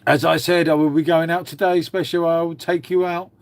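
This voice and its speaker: A man's voice: a little high, flat delivery, fairly quick, no echo. A man hosting a casual livestream, chatting to viewers and swearing freely as he talks to his dog. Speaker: livestream host. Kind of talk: casual live chat with viewers.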